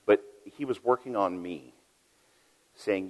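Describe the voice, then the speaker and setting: A deep-voiced middle-aged man preaching in a big hall where his words ring out with a long echo. He tells his story with loud peaks and hushed, quiet asides, the way a pastor talks from the pulpit. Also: normal speed, pauses often. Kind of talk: sermon. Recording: long reverb of a large hall.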